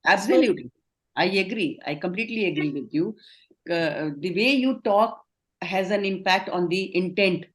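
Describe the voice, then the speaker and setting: A woman's voice: medium pitch, lively intonation, moderate pace. A middle-aged woman with an Indian accent, leading an online training session, explaining and affirming answers. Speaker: communication trainer.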